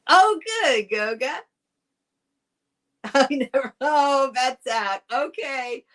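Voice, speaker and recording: Slow-talking woman hosting a live stream. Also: high-pitched, expressive, a bit bright. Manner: chatty, rambling, restarts sentences, speaks to viewers directly. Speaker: host selling vintage items on a live stream. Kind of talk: casual live sale chat. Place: home streaming setup, talking to a camera.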